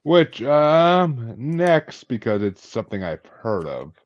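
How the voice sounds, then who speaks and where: A man's voice: medium pitch, big pitch swings, slow, dull audio. A man who hosts a podcast, chatting casually, joking and swearing freely. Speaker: podcast host. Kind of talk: casual chat.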